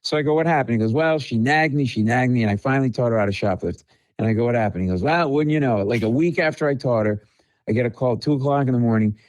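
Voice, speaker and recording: Animated man telling comic stories. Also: mid-range voice, fast, no echo, low-quality recording. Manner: animated storyteller, acts out dialogue. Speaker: comedian guest. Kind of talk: storytelling podcast chat.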